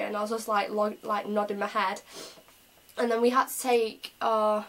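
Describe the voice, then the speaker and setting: Chatty young woman, flat even tone. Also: mid-range voice, normal speed, rough recording. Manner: chatty, excitable, full of "like" and "um". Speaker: vlogger. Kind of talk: casual storytelling vlog.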